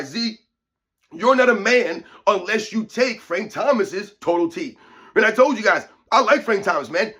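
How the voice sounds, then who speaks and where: Brief: higher-pitched male fitness host, emphatic, repetitive rant to camera. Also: a bit bright. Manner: emphatic, repetitive, keeps addressing viewers as guys. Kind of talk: opinion rant to viewers.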